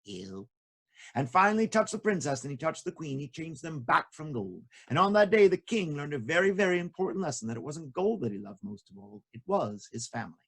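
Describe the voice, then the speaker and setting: A man telling folk tales to children in a playful, jokey, expressive way. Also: fairly high pitch, brisk. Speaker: children's storyteller. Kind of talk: animated storytelling for children.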